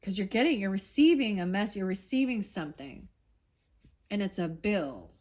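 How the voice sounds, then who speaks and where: A woman reads tarot cards in loose, casual talk. She rambles, starts sentences over and turns blunt and heated, swearing as she goes. Her voice sits at an ordinary middle pitch. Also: expressive, moderate pace, darkish tone. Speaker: tarot reader.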